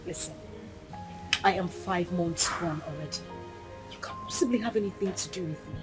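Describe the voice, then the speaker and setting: A woman's voice: on the low side, normal speed, natural voice. An actress playing a pregnant young woman who is doubtful and hesitant, breaking into tearful pleas. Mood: disbelieving. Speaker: actress in a Nigerian film. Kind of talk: film drama acting. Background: loud film score music.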